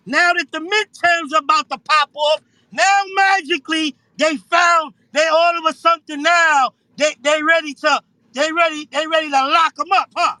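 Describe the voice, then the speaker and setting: An excitable man with a very high, bright, forceful voice rants heatedly about politics over a dry, close line. He stumbles and repeats himself as he talks over the others. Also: moderate pace, no echo, low-quality recording. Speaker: caller on a live audio show.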